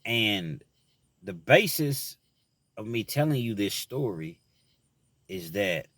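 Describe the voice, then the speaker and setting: A man's voice: lowish voice, sing-song, takes it slowly, fairly bright tone, no room sound. A man telling a personal story about his time in prison, earnest and reflective, full of "you know" fillers, then turning to advice for young men.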